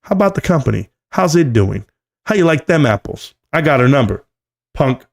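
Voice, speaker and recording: A man's voice: on the high side, sing-song, normal speed, vocal fry. A man hosting a live stream, ranting in a brash, boastful and taunting way. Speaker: stock market live streamer.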